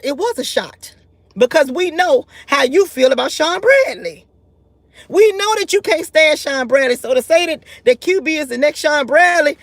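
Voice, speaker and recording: A woman's voice: high-pitched, no room sound. A woman delivering a heated, scolding commentary rant, often repeating and restarting her words. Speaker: YouTube commentary host.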